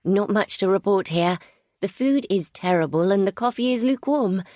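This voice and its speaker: A woman's voice: medium pitch, animated, moderate pace, no room sound, clean studio sound, pitched above the performer's own voice, natural voice. A woman playing a detained mother in an audiobook who forces a breezy tone while holding back tears. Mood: forced cheer. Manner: forced brightness over held-back tears.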